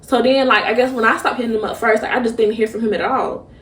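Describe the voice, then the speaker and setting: A young woman hosts a podcast, talking through a personal story in a halting, emotional way with many restarts. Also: fairly high pitch, steady tone, a bit bright, a little hiss or hum. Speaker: podcast host. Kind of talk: personal reflective monologue. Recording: roomy echo, mic at a distance.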